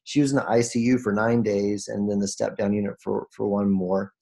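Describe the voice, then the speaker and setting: A man giving a heartfelt motivational talk on a video call, earnest and emotional, restarting his phrases and rising in pitch when moved. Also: level tone, fairly quick, creaky, dark tone. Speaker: guest speaker on a group call.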